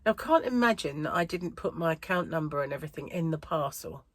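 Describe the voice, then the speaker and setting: A chatty British woman vlogging to her viewers, rambling from thought to thought and laughing often. Her voice sits a little low for a woman, and the recording is dry and close, with no room sound. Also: lively intonation, quick pace, no room sound. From United Kingdom. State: a bit out of breath. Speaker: crochet vlogger. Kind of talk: casual chat to camera.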